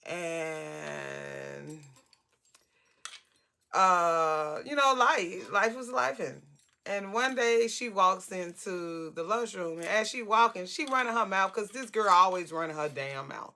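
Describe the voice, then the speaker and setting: A woman in her forties tells a personal story in a casual vlog. Her voice is bright with a gravelly, creaky texture, and she talks in an animated, blunt and talkative way, swearing freely. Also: on the low side, slow. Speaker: hairstylist telling a story.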